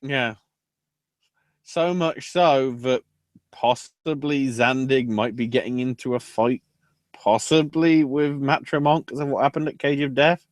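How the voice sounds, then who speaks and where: A man's voice: mid-range voice, measured pace, dry recording. A man co-hosting a podcast in casual, profane chat, often acting out quoted lines. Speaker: podcast co-host.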